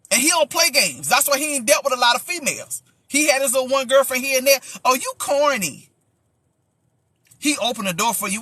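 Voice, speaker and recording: A woman pastor telling a story in a lively, chatty way on a livestream, with sound effects and preachy asides. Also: sits high, slightly rough, no room sound.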